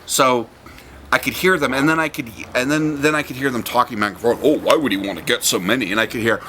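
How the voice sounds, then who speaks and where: A young man telling a childhood story in a casual, animated way, mimicking voices and sounds as he goes. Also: medium pitch, fast talker, noisy background.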